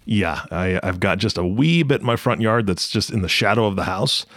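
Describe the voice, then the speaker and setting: A man, the show's producer, chatting in a relaxed, easygoing way. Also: on the low side, moderate pace, dry recording, studio quality. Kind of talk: casual chat.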